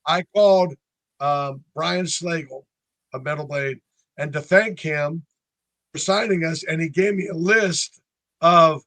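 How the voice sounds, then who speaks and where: A man's voice: fairly high pitch, slow, no room sound. A man in his sixties from North Carolina, a band member telling stories in a casual interview and acting out the voices of the people in them. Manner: animated storyteller who acts out voices.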